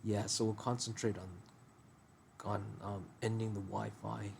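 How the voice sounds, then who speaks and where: A man's voice: on the low side, little pitch movement, unhurried, creaky, a little mellow, slight background noise. A man in casual conversation, rambling and thinking aloud as he brainstorms a story idea. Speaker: user talking to a voice assistant.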